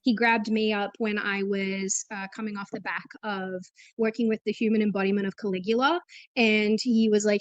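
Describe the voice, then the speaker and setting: A woman, a guest on a podcast, speaking candidly and in a measured way about her own experience in casual chat. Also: mid-range voice, fairly even intonation, no room sound, lo-fi sound. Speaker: podcast guest, former co-host.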